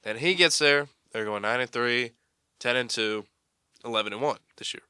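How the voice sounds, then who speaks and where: Male sports podcast co-host, smooth and bright, animated and mocking, dry close sound. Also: medium pitch, normal speed, dry recording. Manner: animated, mocking, builds to excited outbursts. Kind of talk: casual sports chat.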